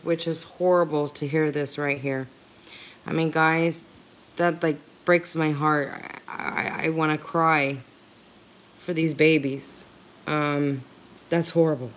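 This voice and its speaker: A woman hosting a livestream, talking to her viewers in an earnest, heartfelt and emphatic way. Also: deep voice. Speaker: livestream commentator. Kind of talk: emotional commentary livestream.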